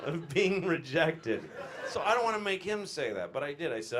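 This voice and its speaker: A man's voice: on the high side, very animated, normal speed, fairly bright tone. A man in his forties doing a crude, self-deprecating stand-up set in a comedy club. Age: 40s. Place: comedy club with a laughing crowd.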